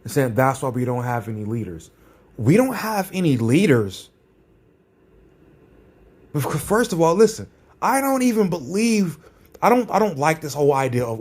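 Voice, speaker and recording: A man's voice: on the high side, very animated, a little slow, long pauses, a little mellow, breathy edge. Sarcastic, combative man ranting. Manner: repeats phrases for emphasis. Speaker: vlogger. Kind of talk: ranting commentary.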